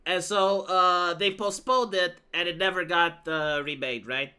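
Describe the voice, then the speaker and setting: A woman's voice: lowish voice, unhurried, hardly any pauses, pushed and bright, clean tone. A woman live streamer telling a rambling, profane story in casual chat, full of fillers and restarts. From Romania.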